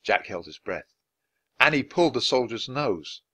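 A man narrating a children's storybook aloud, expressive and switching voices for each character. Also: mid-range voice, normal speed. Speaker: audiobook reader.

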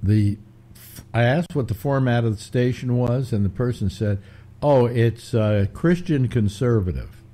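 A man's voice: mid-range voice, a little slow, dark tone. An older man hosting a casual chat, rambling through stories with many restarts. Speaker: host.

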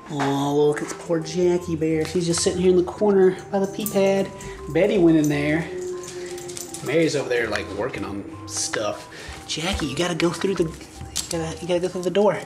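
Young guy at home cooing at his dogs, swoopy animated voice, music playing behind. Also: normal speed. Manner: playful, high-pitched baby talk to his dogs. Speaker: vlogger. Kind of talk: casual home vlog. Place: home indoors.

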